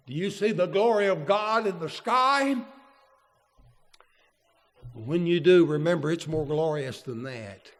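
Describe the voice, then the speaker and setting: A man's voice: a little high, animated, measured pace, long pauses. Male preacher, folksy sermon delivery, church hall with a long echo. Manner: folksy, asks the congregation questions.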